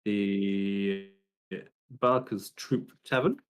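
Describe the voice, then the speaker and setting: Relaxed male tabletop player. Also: fairly low pitch, very slow, smooth. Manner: relaxed, describes his actions. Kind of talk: casual tabletop play.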